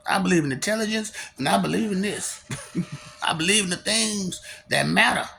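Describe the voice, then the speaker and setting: A young man with a soft voice, musing in a rambling casual monologue and laughing often as he talks to imagined listeners. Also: sits high, normal speed, creaky, slight background noise. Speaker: vlogger.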